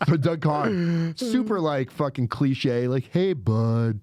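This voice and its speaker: A man in his forties telling a story on a podcast, animated and cursing, acting out the voices of the people in it. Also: a little high, slow, no echo, clean studio sound. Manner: animated, swears a lot, acts out quoted voices. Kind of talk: casual storytelling. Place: podcast studio.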